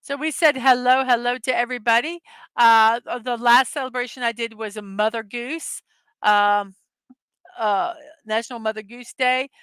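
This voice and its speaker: A bright, high-pitched woman in middle age chats slowly and warmly through her morning show, giggling often. The sound is close and dry, with no room around it. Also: fairly even intonation, smooth, no room sound. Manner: giggly, chatty, frequently laughing at her own jokes. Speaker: host of a daily morning show. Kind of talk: casual livestream chat reading memes.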